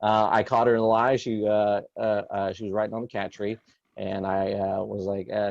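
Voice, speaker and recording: A man's voice: fairly low pitch, level tone, moderate pace, vocal fry, dry recording, dull audio. A man in his thirties doing a rambling stand-up set over a video call, hesitant with many fillers. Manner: rambling, hesitant with many fillers, jumps loud for quoted outbursts. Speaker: stand-up comedian.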